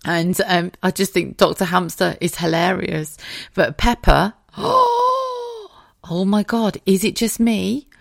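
A woman's voice: lowish voice, steady tone, measured pace, gravelly, dry recording, clean studio sound. A young mother chatting casually, laughing often and swearing freely. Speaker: podcast host, parent. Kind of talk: casual chat.

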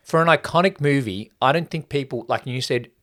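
A man co-hosting a relaxed film podcast, walking through scenes in a mid-pitched, even-tempered voice. He picks at details and mocks odd line readings with exaggerated stress. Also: brisk. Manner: mimics lines with exaggerated emphasis. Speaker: podcast co-host. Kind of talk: casual movie review chat.

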